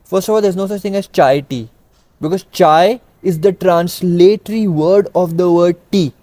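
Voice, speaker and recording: A man's voice: high voice, dark tone, no room sound. A young man from India co-hosting a casual chat show, ranting in an emphatic, exasperated way and rattling off long lists. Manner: exasperated, emphatic, rapid-fire listing. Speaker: podcast co-host.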